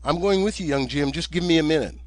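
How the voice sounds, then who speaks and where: A man voicing a brisk little schoolteacher woman who takes charge and hands out orders. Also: on the high side, no echo, lightly acted. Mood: commanding.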